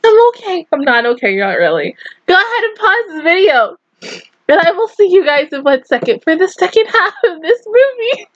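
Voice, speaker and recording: Young woman, high voice, tearful anime reactor, muffled lo-fi audio. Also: very animated, normal speed, no echo. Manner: tearful, exclamatory, swears, laughs through crying. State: teary, sore throat from crying. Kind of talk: emotional reaction commentary.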